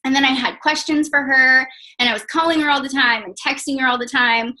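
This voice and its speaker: A woman's voice: sits high, fairly even intonation, fairly quick, bright, forceful tone, low-quality recording. A young woman telling her personal story in a casual testimonial, chatty and full of "like" and "um". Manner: chatty, many fillers like "like" and "um". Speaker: network marketing distributor.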